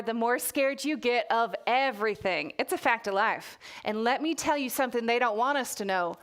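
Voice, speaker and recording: A woman's voice: on the high side, a bit bright, smooth. A woman with a put-on Texas accent reading aloud as a chatty kid narrator of a spooky children's book, in a folksy, conspiratorial way.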